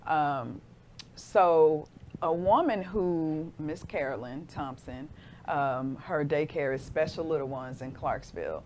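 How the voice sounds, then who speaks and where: A woman in her forties, a guest in an interview, telling a personal story with lively acted-out voices. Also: low voice, takes it slowly, slight background noise.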